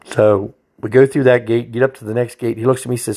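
A man's voice: mid-range voice, level tone, quick pace, mellow. A man, a state trooper telling a story in a blunt, profane, folksy way. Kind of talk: casual storytelling.

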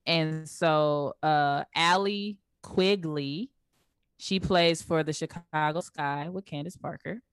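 A young woman co-hosting a casual sports chat show, laughing often and walking through stats in relaxed slangy talk. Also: sits low, slow, clean tone, no echo. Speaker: co-host.

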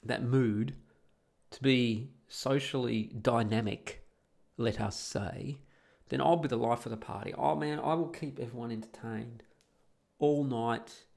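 A man's voice: mid-range voice, creaky, a little mellow. A man from Australia talking casually on camera in a rambling, profane, exasperated way, restarting and repeating his phrases. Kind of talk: casual monologue.

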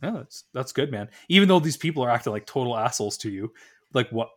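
Man, 30s, podcast co-host, rambling anecdote, lots of restarts, mid-pitched voice. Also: fast talker. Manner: rambling anecdotal storytelling with many restarts and animated quoted dialogue. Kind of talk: casual podcast chat.

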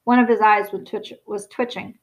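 A woman reading a storybook aloud in a steady, expressive narration. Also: mid-range voice, moderate pace, lo-fi sound. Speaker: audiobook reader.

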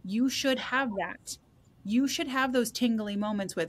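A woman's voice: fairly high pitch, a little slow. A woman hosting a casual podcast chat as a psychic reader, blunt and profane, laughing and acting out quotes from her sessions.

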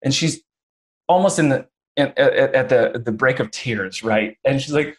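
A man hosting a casual interview who tells stories with energy. He slips into other people's voices as he retells what they said, with quick restarts and plenty of "you know.". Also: medium pitch. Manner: animated storyteller, acts out quotes. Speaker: podcast host.

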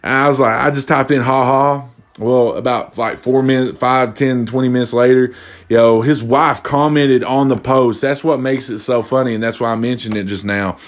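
Man, young adult, casual monologue, profane, animated, mid pitch. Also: moderate pace. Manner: animated, profane, acts out quoted voices.

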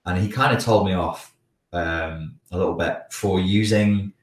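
A man's voice: sits low, fairly even intonation, unhurried, echoey room, recorded from a distance, rough recording. A man from the Wirral with a Scouse accent and a blocked nose from a cold, hosting a casual live question-and-answer chat, hesitant with many restarts. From the Wirral, England. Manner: hesitant, many restarts, chuckles while talking.

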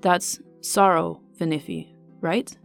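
A woman's voice: on the low side, slow pace, creaky, faint music behind. A woman reading the lines of a polite, slightly awkward young man who is earnest and apologetic. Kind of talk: audiobook character reading.

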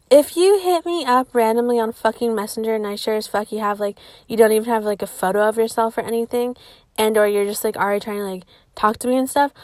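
A woman's voice: fairly high pitch, a little mellow, dry recording. A young adult woman hosting a podcast, telling a story in casual, profane chat, dropping to whispers for asides. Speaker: podcast host.

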